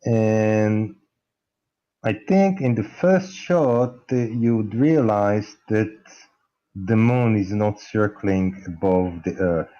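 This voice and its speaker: A man in an online debate, speaking haltingly and thinking aloud as he makes his point. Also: lowish voice, mellow, dull audio. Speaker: debate panelist.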